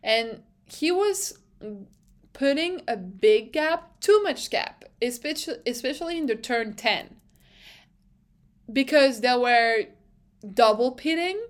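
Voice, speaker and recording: A young woman hosting a casual podcast recap, chatty and excitable, swearing freely and often restarting her phrases. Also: high-pitched, slow pace. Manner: self-interrupting, restarts phrases. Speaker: podcast host.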